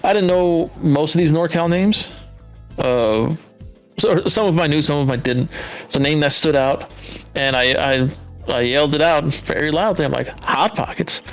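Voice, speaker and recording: A man's voice: fairly high pitch, moderate pace, faint music behind. A man from Southern California telling stories as a podcast guest, swearing freely and acting out what others said in a raised voice. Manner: animated, swears freely, acts out quotes in a raised voice. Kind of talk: casual storytelling.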